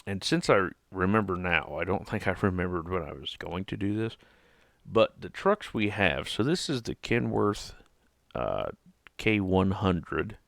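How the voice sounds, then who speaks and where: A man's voice: sits low, expressive, unhurried, creaky, no room sound, clean studio sound. A man streaming a truck driving game, chatting casually to himself and the traffic in a sleepy, laid-back way. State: sleepy, yawning. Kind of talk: casual gameplay commentary.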